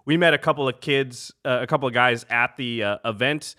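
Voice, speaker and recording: A man's voice: mid-range voice, a little fast. A man telling a funny anecdote in casual chat, laughing often and acting out the people he quotes. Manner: lively storyteller, laughs often, acts out quotes. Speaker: podcast co-host telling a story.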